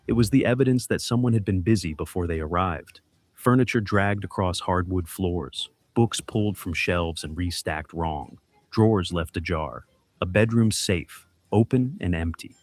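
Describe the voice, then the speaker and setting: A man giving scripted dramatic mystery narration, measured and suspenseful, delivered in short clipped phrases. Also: low voice, dry recording.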